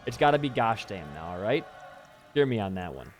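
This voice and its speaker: Rambling young man with lively pitch. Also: brisk. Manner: rambling, self-deprecating, swears freely. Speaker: gaming YouTuber. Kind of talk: casual gameplay commentary. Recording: faint background music.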